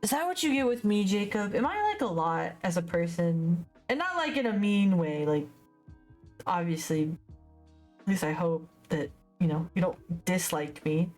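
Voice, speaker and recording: Faint music plays as a young woman livestreams her painting, rambling and frequently stumbling over words. She speaks at normal speed in a lowish, slightly mellow, animated voice.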